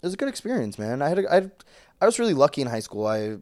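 A man's voice: fairly high pitch, big pitch swings, very fast, darkish tone, no echo, clean studio sound. A man from Minnesota, a guest in a casual podcast chat, telling personal stories candidly, with lots of fillers and laughs.

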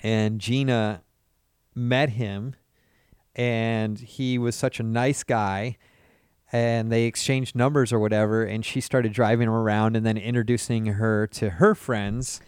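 A man's voice: lowish voice, steady tone, measured pace, darkish tone, smooth, dry recording, clean studio sound. A man hosting a podcast with laid-back, crude, teasing banter. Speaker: podcast host. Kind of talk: casual chat.

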